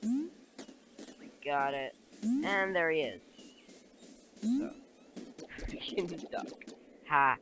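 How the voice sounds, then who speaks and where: A man's voice: a little high, sing-song, very slow, pauses often, fairly bright tone, a little hiss or hum. Giggly young man playing a video game. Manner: rambling, giggly, talks to the game. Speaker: let's play gamer. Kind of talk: casual game commentary. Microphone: cheap new microphone.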